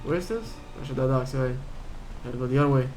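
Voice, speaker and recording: A man's voice: mid-range voice, fast, darkish tone, soft background music. A man livestreaming a game, chatting casually and rambling as he thinks aloud while reading chat. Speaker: game streamer.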